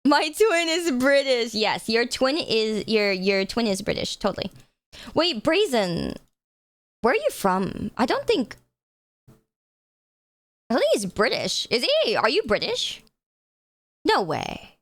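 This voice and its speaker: Lively, animated woman streamer. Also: fairly high pitch, slow pace, pauses often, no echo. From United States. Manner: animated, laughing often, swears freely. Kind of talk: casual chat with live chat viewers.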